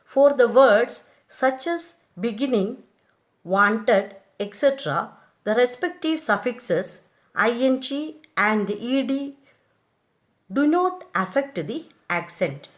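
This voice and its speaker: A woman's voice: fairly high pitch, lively intonation, slow. A woman teacher with an Indian English accent, reading out rules and word lists and spelling letters one by one. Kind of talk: slow dictated lesson.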